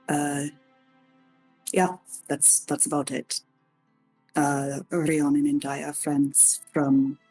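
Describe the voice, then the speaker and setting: Low, husky woman player. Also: darkish tone. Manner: hesitant, halting. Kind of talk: casual tabletop play.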